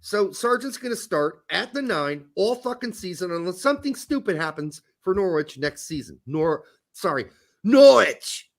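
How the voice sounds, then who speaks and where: A man's voice: high voice, big pitch swings, moderate pace, a bit bright. A man hosting a casual sports podcast, blunt and heated, swearing freely as he argues his points. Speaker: podcast host.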